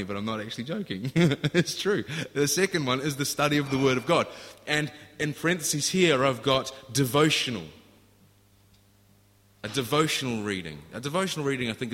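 A man's voice: medium pitch, sharp tone. A man preaching a sermon in an earnest, storytelling way, often restarting his phrases. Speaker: pastor. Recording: echoey hall.

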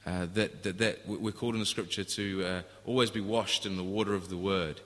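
Earnest low-voiced male preacher in a hall. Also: steady tone, brisk, fairly bright tone. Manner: earnest, storytelling, with frequent restarts. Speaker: pastor. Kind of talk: sermon. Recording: echoey hall.

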